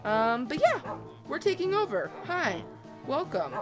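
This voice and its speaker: Woman narrating her game, coos at her pets, squeals when excited, bouncy pitch. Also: measured pace, music in the background. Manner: chatty, talks sweetly to her in-game pets, sudden excited shrieks. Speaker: let's-play host. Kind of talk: casual gameplay commentary.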